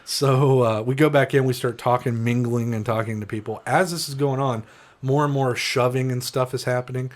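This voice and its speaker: A man's voice: medium pitch, fairly even intonation, normal speed. A man, a podcast co-host, telling a long profane story in casual chat with friends and acting out the people in it.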